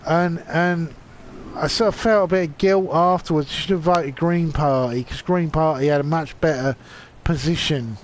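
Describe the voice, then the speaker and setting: A man's voice: on the high side, moderate pace, a little hiss or hum. A drunk man with an English accent, rambling and ranting with a lot of swearing in a casual live-stream chat while gaming. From England.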